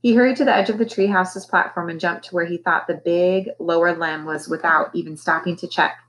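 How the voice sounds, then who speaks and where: A woman's voice: lowish voice, fairly quick, rough recording. Woman teacher reading a chapter book. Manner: expressive storytelling. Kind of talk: reading a children's novel aloud.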